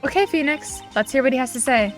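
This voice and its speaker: A woman's voice: high-pitched, lively intonation, fast. Lady voicing a perky sidekick girl, upbeat, music faint behind. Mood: encouraging.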